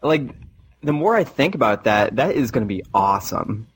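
A man's voice: medium pitch, sing-song, moderate pace, a little hiss or hum. A man co-hosting a podcast in casual chat, rambling with lots of fillers. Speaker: podcast co-host.

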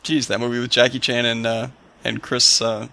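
A man's voice: medium pitch, flat delivery, normal speed, vocal fry, sharp tone. A man co-hosting a casual gaming podcast, joking and laughing often with his friends. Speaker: podcast co-host.

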